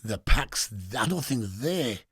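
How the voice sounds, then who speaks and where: A man's voice: mid-range voice, expressive, takes it slowly, gravelly, a bit bright, breathy edge, dry recording, studio quality. A middle-aged man with a Geordie accent, telling crude stories in a casual interview, swearing and laughing often. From England. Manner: swearing, laughing storyteller with street slang. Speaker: guest.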